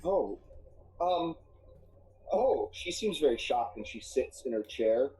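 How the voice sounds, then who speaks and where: A man narrating a tabletop game as game master, halting with many ums and uhs. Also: medium pitch, big pitch swings, warm tone, a little hiss or hum, rough recording. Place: live stream.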